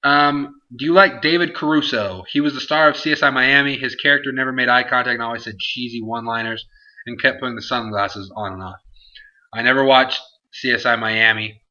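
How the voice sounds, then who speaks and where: A man's voice: medium pitch, steady tone, a little fast, sharp tone, dull audio. A man hosting a casual Q&A vlog, answering viewer questions in a rambling, self-interrupting way. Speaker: host.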